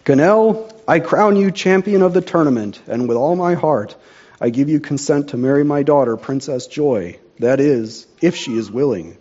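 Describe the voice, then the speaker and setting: A man's voice: fairly high pitch, expressive, moderate pace, darkish tone, lo-fi sound. A man voicing a stern, just old king in a storybook reading, speaking in a solemn, commanding way.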